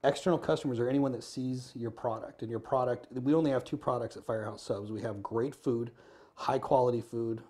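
An American man telling a story in an interview, earnest and quick, acting out the lines of the people in it. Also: mid-range voice, steady tone, warm tone. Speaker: podcast guest.

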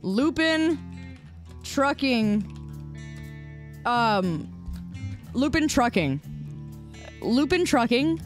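High-pitched, teasing woman streamer. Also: big pitch swings, very slow, pauses often, faint music behind. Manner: playful, teasing banter with mock defensiveness. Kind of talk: casual live-stream chat with viewers.

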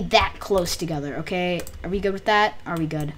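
A woman hosting a gaming channel, giving casual, excitable game commentary packed with fillers. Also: fairly low pitch, a little fast, few pauses, faint music behind. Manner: chatty, excitable, lots of "like" fillers.

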